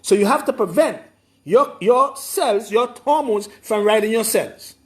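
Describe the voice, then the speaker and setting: A man giving an informal lecture, explaining slowly and repeating his points with emphasis. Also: high voice, animated. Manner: slow, repetitive, emphatic explaining. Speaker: herbalist explaining a program.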